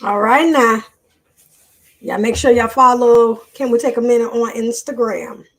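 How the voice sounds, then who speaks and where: A woman's voice: a little high, fairly even intonation, measured pace, fairly bright tone. A woman hosting a live online show, chatting casually with viewers and reading a news article aloud in a loose, off-the-cuff way.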